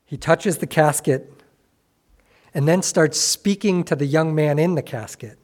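Guy preaching a sermon, slow and dramatic, kinda high voice, lots of questions. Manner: dramatic, rhetorical questions, varies loudness. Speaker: pastor.

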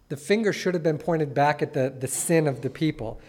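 Male pastor, high voice, sermon with expressive scripture reading and casual asides. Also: fairly quick.

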